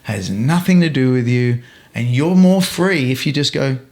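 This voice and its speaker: A man chatting as a guest, telling stories in a frank and relaxed way. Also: mid-range voice, normal speed. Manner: relaxed storytelling, frank and earthy. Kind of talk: casual conversation. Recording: roomy echo.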